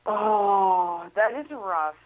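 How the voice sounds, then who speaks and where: A woman's voice: medium pitch, drawn-out words, phone-quality sound, crowd noise. A woman co-host asking teasing questions in casual chat. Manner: laughing, teasing interjections. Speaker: podcast co-host.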